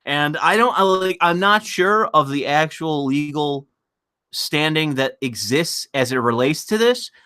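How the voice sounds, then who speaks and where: A man's voice: fairly high pitch, lively intonation, unhurried, pushed and bright, clear, resonant tone. A man ranting sarcastically and with profanity on a live stream of political commentary, sometimes laughing at his own point.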